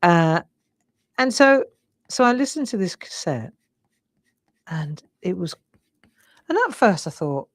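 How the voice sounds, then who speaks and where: A woman's voice: fairly low pitch, big pitch swings, slow pace, long pauses, no echo. A woman in her sixties with an English, slightly Cockney accent, chatting and demonstrating drawing live. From England. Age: 60s. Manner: chatty, warm, often says "look" and "lovely". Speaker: craft demonstrator.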